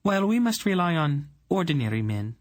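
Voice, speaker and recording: A man's voice: sing-song, brisk, dry recording, clean studio sound. A man putting on a poised young queen. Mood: polite. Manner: raised falsetto, formal. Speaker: narrator. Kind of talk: audiobook character voice.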